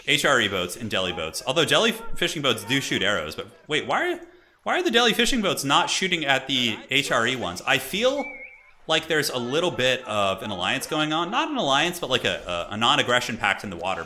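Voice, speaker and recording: Excitable man casting a strategy game. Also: mid-range voice, fairly quick. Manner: chatty, excitable, laughs often. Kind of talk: live game commentary.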